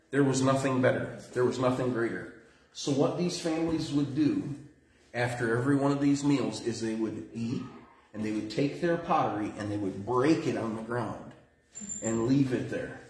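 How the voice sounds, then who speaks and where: A man giving a sermon as pastor, telling a story in an animated way with lively swings in his voice. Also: a little high. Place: church room. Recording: roomy echo with faint noise.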